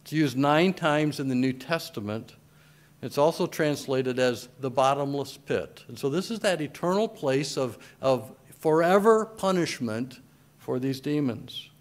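A man's voice: mid-range voice, expressive, unhurried. A man preaching a sermon as pastor, reading scripture with emphatic, swelling delivery. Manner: emphatic scripture reading in old-style wording.

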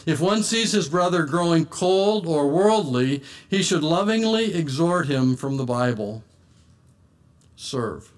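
Earnest man preaching a sermon. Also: fairly high pitch. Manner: earnest, reads scripture in old-fashioned wording.

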